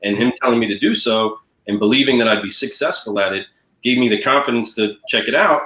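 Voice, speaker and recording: Speaking quickly in a medium pitch, a New Yorker who works in car sales recounts how he got started during a relaxed interview. He is an animated storyteller who performs the voices of people he quotes, and the room has noticeable echo.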